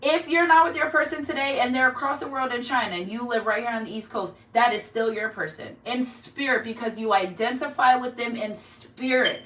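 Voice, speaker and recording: Woman tarot reader, fairly high voice, emphatic and repetitive, echoey room with the mic far away. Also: fairly quick, few pauses, fairly bright tone. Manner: emphatic, repeats herself, chatty. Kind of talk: casual spiritual reading to camera. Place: home room.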